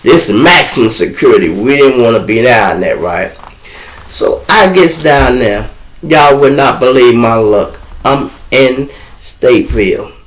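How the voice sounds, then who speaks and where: A man's voice: mid-range voice, low-quality recording. A man with a Chicago accent, hosting his own show and telling a story in casual, slangy street talk, acting out the other people's lines. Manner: animated, acts out other people's voices in dialogue.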